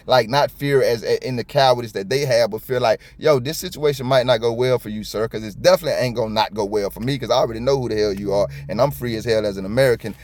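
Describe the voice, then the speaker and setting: A middle-aged man from South Florida giving casual, blunt and profane commentary on a video, talking fast and stumbling over his words. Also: mid-range voice, darkish tone. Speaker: copwatch commentator.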